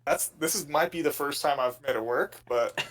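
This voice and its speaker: Man, slightly high voice, casual sports chat, jokey, rambling. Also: normal speed, fairly bright tone, poor audio. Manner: joking, rambling with restarts. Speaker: podcast co-host.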